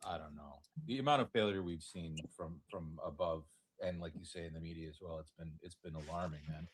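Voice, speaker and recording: A man's voice: low voice, a little fast, slightly rough, poor audio. A man co-hosting a livestream, talking bluntly and with profanity, backing up the host. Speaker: guest co-host. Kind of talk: heated commentary chat.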